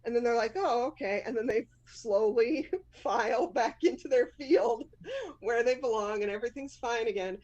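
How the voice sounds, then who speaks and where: A woman's voice: a little high, normal speed, a little mellow, lo-fi sound. A woman in her fifties with a Boston accent, hosting a live storytelling show, telling a personal story candidly and laughing often at herself.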